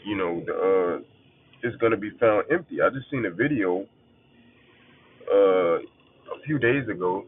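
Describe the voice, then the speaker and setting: Low-voiced guy preaching casually, swears a lot, repeats his points, sounds like a phone line. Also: animated, a little slow, pauses often, slightly rough. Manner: blunt, profane, emphatic repetition. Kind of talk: casual scripture teaching. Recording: phone-like narrow band.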